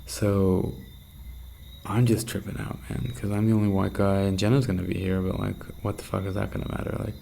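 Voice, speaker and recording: Young male vlogger, low gravelly voice with a flat, dark tone, rambling and intense, faint hiss under him. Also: fairly quick, low-quality recording. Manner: rambling, intense, swears a lot, drops to hushed half-whispers. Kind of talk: candid late-night video diary.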